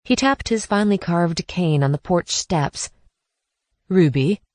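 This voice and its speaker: A woman narrating a post-apocalyptic audiobook in a measured, even reading. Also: on the low side, dry recording. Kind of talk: scripted narration.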